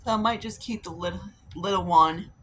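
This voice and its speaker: Chatty woman doing her makeup on camera, bright voice, rambles and swears a bit, faint hiss behind. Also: fairly low pitch, brisk. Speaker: beauty vlogger. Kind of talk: casual chatty storytelling while doing makeup.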